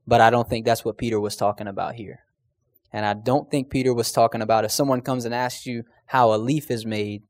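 A man preaching a conversational sermon, earnest and casual, often pausing with "um" and restarting his sentences as he tells stories and asks the room questions. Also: mid-range voice, a little mellow, no room sound.

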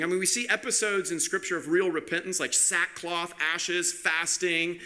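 A male pastor preaching a sermon in an animated way, asking rhetorical questions and often repeating his words. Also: high-pitched, normal speed, few pauses.

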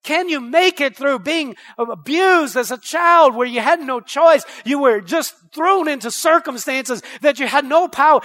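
Man, pastor, sermon, very high voice, bright tone, fervent, rhetorical questions. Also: expressive, measured pace, few pauses. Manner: fervent preaching, rising to loud declarations; repeats rhetorical questions to the congregation.

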